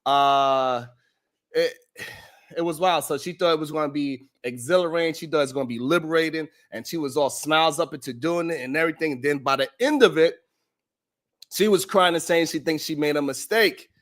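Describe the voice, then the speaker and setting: A man's voice: on the high side, brisk, a bit bright. A man hosting a live talk show, recapping the week's stories with jokes, frequent laughter and mocking quoted voices. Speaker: show host. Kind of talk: comedic recap of the week's shows.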